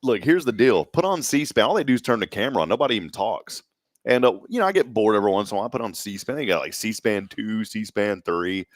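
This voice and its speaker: A man's voice: on the low side, fast, dry recording, studio quality. A man hosting a morning talk show, chatting casually and telling rambling, joking stories in a Texan accent. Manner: rambling, joking, animated storyteller. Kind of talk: casual chat.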